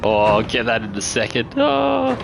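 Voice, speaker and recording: A man's voice: mid-range voice, wildly swooping pitch, moderate pace, creaky, over music. An Australian man chatting casually while streaming a racing game, laid-back and talkative. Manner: chatty and laid-back, often says "mate". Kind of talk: casual live-stream gameplay commentary.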